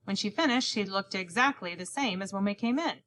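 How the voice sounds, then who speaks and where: This woman's voice is medium in pitch, fairly bright and animated, and she moves a little quickly. Working as an audiobook narrator, she reads a children's novel aloud from a boy's first-person view and performs each character's dialogue in scripted narration.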